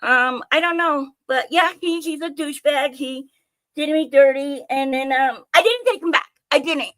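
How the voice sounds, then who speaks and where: A young woman streaming live, telling her own stories in an animated, chatty way with plenty of swearing and jokes at her own expense. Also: high-pitched, normal speed. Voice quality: animated, chatty, swears freely, self-mocking. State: out of breath. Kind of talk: casual storytelling to viewers.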